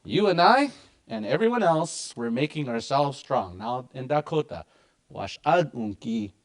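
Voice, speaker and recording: A man's voice: medium pitch, very animated, moderate pace. A man teaching a language class with lots of energy and emphasis.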